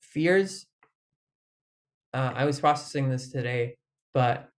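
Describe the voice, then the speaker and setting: A man talking in a casual, rambling monologue, his voice sitting at an ordinary middle pitch. He strings thoughts together with constant "like"s, casual swearing and bursts of laughter. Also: slow pace. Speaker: vlogger.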